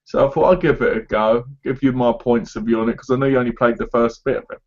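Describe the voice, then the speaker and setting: A man's voice: mid-range voice, flat delivery, fast talker, a little mellow, muffled recording. A man co-hosting a casual chat about games, rambling and tagging his sentences with "right?" and "you know". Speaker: co-host.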